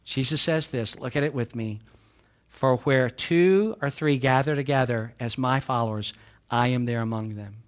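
A man with a Southern American accent, preaching a sermon as pastor, swinging between raised exhortation and quieter asides. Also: mid-range voice, normal speed. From Southern United States. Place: church sanctuary.

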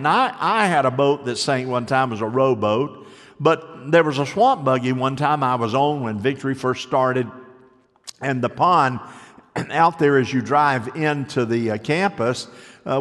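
An older man preaching a sermon, telling stories and moving between lively stretches and soft, hushed passages. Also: mid-range voice, long reverb tail. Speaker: pastor.

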